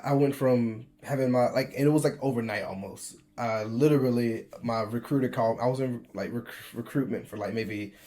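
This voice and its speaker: Young American vlogger, mid-pitched voice, laughs a lot, stumbles through quick restarts. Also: male voice, mellow. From United States. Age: 20s. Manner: chatty, laughing often, frequent restarts. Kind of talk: casual personal storytelling.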